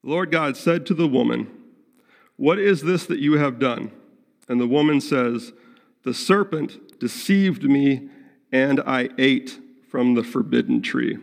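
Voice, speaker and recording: Male pastor, mid-pitched and gravelly, earnest sermon delivery, long church-hall reverb. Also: unhurried. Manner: earnest, acts out prayers and quotes in his own voice.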